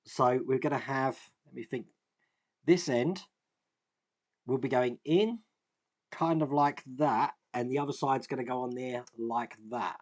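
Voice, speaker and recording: A man's voice: mid-range voice, unhurried. A man hosting a model-building video, thinking aloud as he works at a workbench, with sighs, chuckles and self-deprecating asides. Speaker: host, scale model builder. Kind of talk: casual build commentary.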